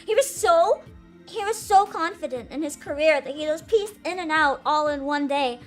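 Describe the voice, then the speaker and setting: A woman's voice: sits high, animated, moderate pace, faint music behind. A woman streaming live as a VTuber, hyper and giggly, chatting casually, swearing freely and greeting viewers by name.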